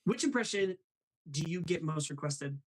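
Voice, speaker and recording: A man's voice: a little high, expressive, moderate pace, poor audio. A man hosting a live stream, chatting upbeat and reading viewer comments aloud. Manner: upbeat, laughs often, reads chat aloud. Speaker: host.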